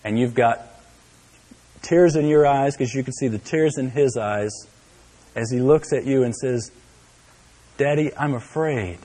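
A man preaching a sermon, telling a story to his listeners, dropping to a hush and then rising to exclaim. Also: medium pitch, unhurried, long pauses, in a large hall. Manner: storytelling, swinging from hushed to exclaiming. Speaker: pastor.

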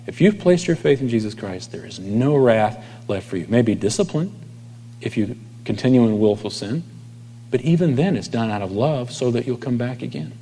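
A man's voice: mid-range voice, animated, moderate pace, mellow, a little hiss or hum. Preaching man in a reverberant hall. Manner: conversational preaching, dropping to near whispers at line ends. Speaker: pastor. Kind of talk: sermon.

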